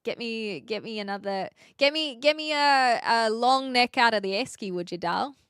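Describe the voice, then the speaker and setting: A woman's voice: on the high side, moderate pace, fairly bright tone, smooth, no room sound, clean studio sound, lightly acted. A woman with an Australian accent voicing a laid-back Australian woman, drawling lazily. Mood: easygoing. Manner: lazy drawl.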